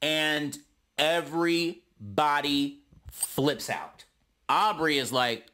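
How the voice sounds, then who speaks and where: Sassy man with a bright voice. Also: on the high side, slow. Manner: sassy, chatty, with slangy asides. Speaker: reality TV recap host. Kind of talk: casual episode review commentary.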